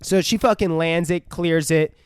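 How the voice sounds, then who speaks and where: A man's voice: fairly high pitch, fairly even intonation, normal speed, clean tone. A man co-hosting a podcast, retelling a film scene by scene with lots of swearing and acted-out quotes. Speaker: podcast co-host. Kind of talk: casual film review chat.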